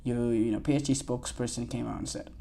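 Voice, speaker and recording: A man's voice: medium pitch, fairly even intonation, fast talker, creaky, dark tone. A man hosting a sports podcast, talking casually on his own, with loose rambling delivery and frequent fillers and restarts. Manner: loose and rambling, many fillers and restarts, reads quotes aloud. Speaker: podcast host.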